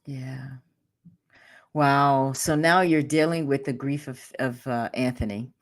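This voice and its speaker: A woman hosting a talk show, asking gentle, sympathetic questions of her guest. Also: extremely low pitch, slow pace. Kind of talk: interview.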